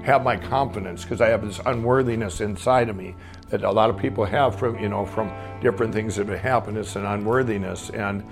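A man's voice: lowish voice, brisk, creaky, over music. A man telling his life story as a guest, rambling and candid, acting out the dialogue along the way. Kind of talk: personal storytelling.

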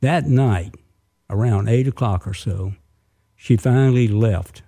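Male storyteller, dramatic oral delivery, raspy and gravelly. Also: mid-range voice, slow, warm tone. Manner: vivid, with sound effects and asides to listeners.

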